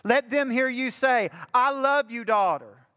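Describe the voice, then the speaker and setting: An older pastor preaches in a high voice that climbs with fervent emphasis. His words ring out with a long reverb, as if filling a church sanctuary. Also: measured pace, sharp tone, clear, resonant tone. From Alabama. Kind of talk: sermon.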